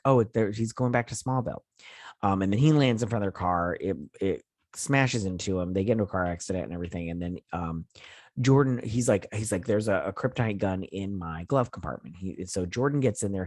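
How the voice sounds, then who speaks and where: A man's voice: low voice, darkish tone, no echo, studio quality. A man hosting a casual TV review, rambling through a retelling full of fillers, quoted lines and mild cursing. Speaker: host of a TV review channel. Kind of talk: casual episode recap and review.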